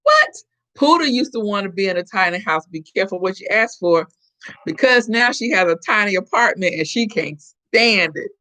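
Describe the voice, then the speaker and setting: A woman's voice: medium pitch, expressive, moderate pace, pushed and bright. Middle-aged woman from Florida, live-stream host, casual chatty storyteller. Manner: chatty storyteller, acts out quoted voices. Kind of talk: casual chat with viewers.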